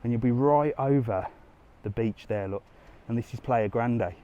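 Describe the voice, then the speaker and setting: A man's voice: mid-range voice, moderate pace, dark tone, lo-fi sound. A man chatting casually to viewers as he walks a resort strip on a live stream, a little out of breath. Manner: chatty, casual, talks to viewers while walking. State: slightly out of breath from walking. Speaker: travel vlogger. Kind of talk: live walking tour commentary. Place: outdoors on a busy resort street.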